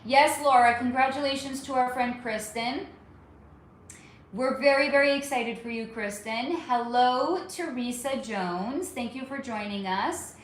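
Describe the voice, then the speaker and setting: A woman's voice: sits high, measured pace. Chatty woman in an echoey room. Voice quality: chatty, frequent swearing, calls viewers honey. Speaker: livestream host. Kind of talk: casual live-stream chat reading comments. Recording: very echoey room, faint background hum.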